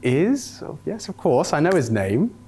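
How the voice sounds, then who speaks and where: A man's voice: on the high side, big pitch swings, measured pace, dark tone. A man hosting a comedy skit interview, talking hesitantly with frequent stammers.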